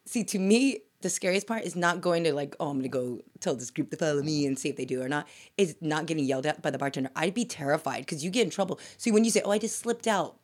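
A young woman co-hosts a laid-back podcast and talks fast. She is excitable, laughs often and jumps in on others. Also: sits low. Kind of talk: casual chat.

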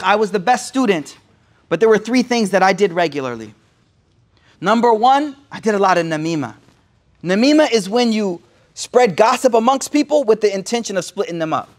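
A man preaching, retelling a story with casual slang and Arabic quotes mixed in. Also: high-pitched. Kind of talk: sermon storytelling.

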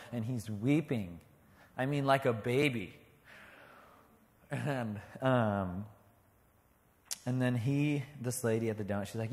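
A young man, a guest in an interview, telling a lively personal testimony, laughing often and talking in quick bursts. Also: medium pitch, long reverb tail, slight background noise. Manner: animated, excitable storyteller who laughs often. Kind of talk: storytelling testimony.

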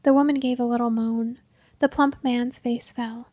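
A woman narrating a story in the first person, measured and dropping to a hush at tense moments. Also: a little high, fairly even intonation, dry recording, clean studio sound.

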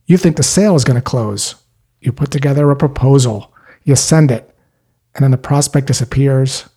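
A man working as a sales trainer, giving a scripted explainer talk in short, punchy sentences with a calm, explanatory delivery. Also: mid-range voice, breathy edge.

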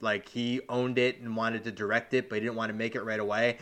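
A man's voice: on the low side, level tone, fairly bright tone. A man co-hosting a podcast, chatting casually and filling his talk with "like". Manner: talks fast with lots of "like" fillers. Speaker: podcast co-host. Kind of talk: casual chat.

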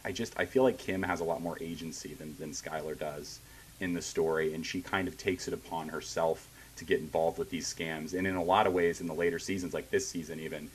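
A man's voice: deep voice, fairly even intonation, fairly quick, slight background noise, low-quality recording. A man in a casual podcast discussion, earnest and a bit hesitant, often restarting his sentences.

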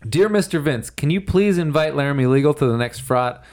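A man's voice: a little high, lively intonation, a little fast, a little mellow. Dry, sarcastic male podcast host. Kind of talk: casual chat.

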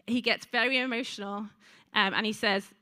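A woman's voice: a little high, steady tone, a little fast, sharp tone, clean tone. A woman preaching a sermon to a congregation in a church, chatty, with frequent ums and asides to the listeners.

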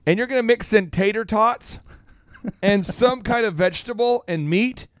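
High-voiced man coaching with playful accent bits. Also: moderate pace, clean tone, dry recording, clean studio sound. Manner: animated, drops in mock regional accents for jokes. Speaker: business coach and show host. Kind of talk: casual podcast talk with lessons.

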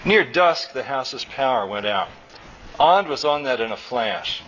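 A man's voice: mid-range voice, animated, unhurried, a bit bright, highs cut off, a little hiss or hum. Man reading his story aloud. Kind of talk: public fiction reading. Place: college hall, live.

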